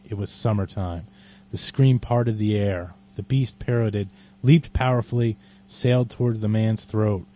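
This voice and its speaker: A man hosting a podcast, chatting casually and reading a poem aloud in a dry, unhurried way. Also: lowish voice, dark tone, slight background noise. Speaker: podcast host. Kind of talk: casual chat and poetry reading.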